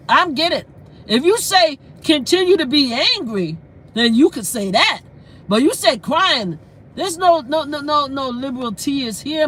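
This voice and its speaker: A woman talks straight into her phone from inside a car, her voice bright and forceful. She speaks bluntly and with emphasis, circling back to the same lines again and again in a heated live-stream rant. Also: sits high, slight background noise.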